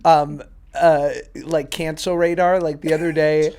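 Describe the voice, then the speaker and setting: A man in his thirties co-hosting a casual podcast, telling stories in a relaxed way, laughing and swearing. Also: a little high, unhurried, clear, resonant tone. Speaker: podcast co-host. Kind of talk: casual chat.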